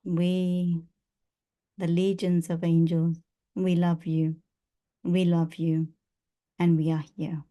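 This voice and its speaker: A woman channeling a loving, protective male archangel, speaking in slow, repetitive blessings. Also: fairly low pitch, little pitch movement, warm tone. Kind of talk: spiritual channeling.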